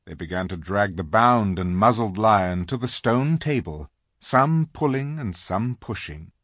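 A man narrating a children's storybook aloud, slow and dramatic in his reading. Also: fairly low pitch, lively intonation, a bit bright, no echo, clean studio sound. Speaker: audiobook reader.

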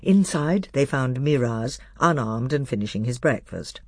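A man narrating an audiobook in an expressive storytelling manner, gravelly and husky. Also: medium pitch, unhurried, no echo, studio quality.

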